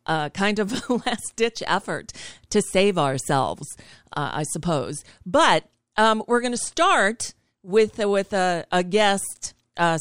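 A woman's voice: lowish voice, no echo, studio quality. A woman hosting a talk show over a video call, chatty and digressive, laughing as she goes. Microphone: video call setup.

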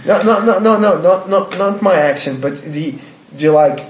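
A man's voice: sits high, moderate pace. A man with a Brazilian accent who speaks English as a second language, stumbling and repeating words as he searches for phrasing in casual chat. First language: Portuguese. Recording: echoey room, faint noise.

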